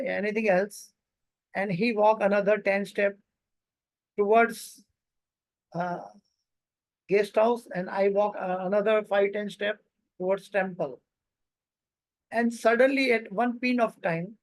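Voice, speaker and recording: A man telling a personal story of a meeting, halting often with fillers and non-native English phrasing. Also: high-pitched, no room sound, rough recording. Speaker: devotee recounting a memory.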